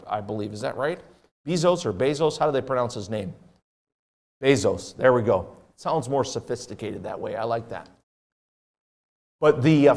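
A male pastor delivers a sermon in a church auditorium at an ordinary mid-range pitch. He speaks in a conversational way and keeps putting questions to the congregation.

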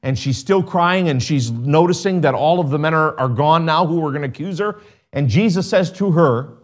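A man's voice: fairly high pitch, moderate pace. Man preaching a sermon. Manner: asks the congregation many rhetorical questions; reads scripture aloud in King James wording.

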